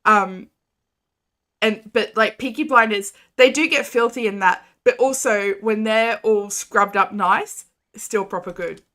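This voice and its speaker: Slow-talking chatty woman streamer. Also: medium pitch, pushed and bright. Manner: rambling, chatty, giggly asides to chat. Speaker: game streamer. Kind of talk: casual live-stream chat while playing. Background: faint game music.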